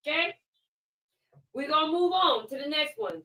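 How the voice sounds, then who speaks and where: A woman's voice: high voice, animated, normal speed, long pauses, bright, forceful tone. A woman hosting a live stream, ranting heatedly in casual commentary and firing off repeated rhetorical questions. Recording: distant mic.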